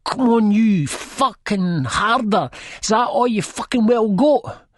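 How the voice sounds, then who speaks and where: A man doing a shrill, defiant woman. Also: animated, slow, no room sound, clean studio sound, heavily acted. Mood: angry. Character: angry, defiant young woman.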